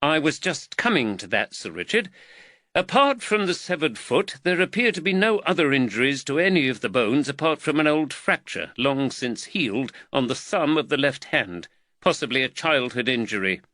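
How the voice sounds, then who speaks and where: A man's voice: mid-range voice, sing-song, normal speed, bright, forceful tone, dry recording, voice pushed up. A man voicing a nervous young male medical student explaining his findings earnestly.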